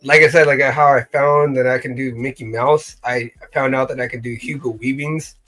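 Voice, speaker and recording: A man co-hosting a casual live-stream chat, animated and playful, often slipping into impressions. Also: medium pitch, moderate pace, soft background music. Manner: animated, playful, jumps into voices. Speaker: co-host.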